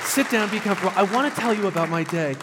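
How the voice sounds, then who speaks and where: Man, talk-show host, lively and playful, higher voice, studio crowd, long reverb. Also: rapid-fire, very noisy.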